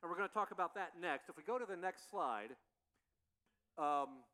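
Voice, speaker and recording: A man's voice: sits high, expressive, normal speed, bright, forceful tone. A male pastor preaching a sermon in a conversational way, often repeating rhetorical questions to the congregation. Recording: long reverb of a large hall.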